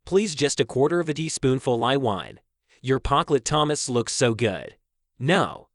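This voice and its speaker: A man's voice: mid-range voice, animated, measured pace, fairly bright tone, dry recording, clean studio sound, voice pushed up. A man putting on a sing-song old pudding-mad pensioner. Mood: gleeful. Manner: fussy, sing-song listing. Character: pudding-obsessed old male pensioner, greedy and chatty.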